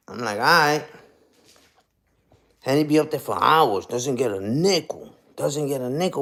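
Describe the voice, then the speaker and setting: A man's voice: mid-range voice, lively intonation, moderate pace, a bit bright. A young man ranting on a casual livestream, profane and combative, ending lines with "you heard?". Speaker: streamer.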